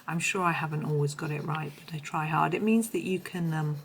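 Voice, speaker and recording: Hoarse, low-voiced woman. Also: steady tone, a little fast, a little hiss or hum, rough recording. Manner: chatty, meandering, self-correcting. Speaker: colouring tutorial host. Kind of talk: casual tutorial narration.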